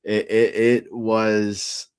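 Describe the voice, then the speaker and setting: A man tells a rambling, profane story in a laid-back way, co-hosting a podcast. His voice sits somewhat low, and the recording is dry with no room sound. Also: flat delivery, drawn-out words, a little mellow, smooth, no room sound. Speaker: podcast co-host. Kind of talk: casual chat.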